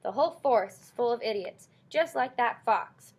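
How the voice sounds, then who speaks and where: A woman's voice: a little high, animated, normal speed, husky. A woman reading an audiobook, voicing a grumpy, scornful old male porcupine who bellows insults. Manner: scornful, bellowing, name-calling.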